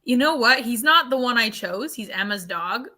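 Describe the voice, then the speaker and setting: A woman's voice: fairly high pitch, animated, normal speed, sharp tone. A young woman co-hosting a reading livestream, telling rambling stories with restarts, casual swearing and laughter. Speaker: readathon livestream co-host.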